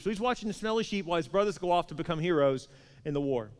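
A man's voice: a little high, expressive, racing. A man preaching a sermon, telling a story with acted-out dialogue and jokes. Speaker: pastor. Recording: reverberant hall.

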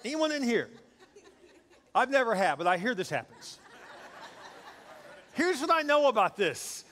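A man preaching a sermon to a congregation, lively and joking, building to loud peaks. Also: extremely high pitch, a little slow, slight background noise. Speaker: pastor. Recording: long hall reverb.

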